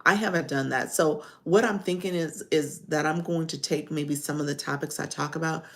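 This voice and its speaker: A woman with a Chicago accent chats loosely through a livestream, rambling and laughing. Her voice sits low with a gravelly, fry-heavy edge. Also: fairly even intonation, moderate pace, a bit bright. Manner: chatty, rambling, laughs often. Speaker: live-streaming coach. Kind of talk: casual livestream talk.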